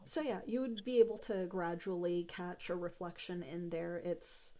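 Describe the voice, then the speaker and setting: Woman, game master, low voice, descriptive narration, fillers. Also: fairly even intonation, warm tone. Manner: descriptive, unhurried with frequent fillers.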